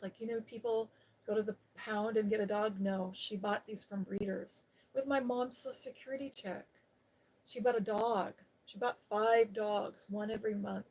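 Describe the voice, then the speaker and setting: A woman's voice: medium pitch, darkish tone. A woman sits and talks straight to her viewers on a live stream, winding through a long personal story. She keeps jumping between asides, and she slips into the voices of the people she quotes. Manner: rambling, storytelling, quoting others with changes of tone. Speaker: ASMR channel host. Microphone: seated on a day bed, live stream.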